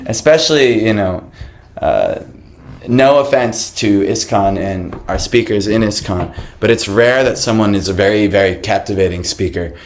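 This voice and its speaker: Animated man telling a story with laughs. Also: on the low side, normal speed. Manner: animated, laughing, acts out quoted voices, many fillers. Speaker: devotee telling his conversion story. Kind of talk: casual personal storytelling.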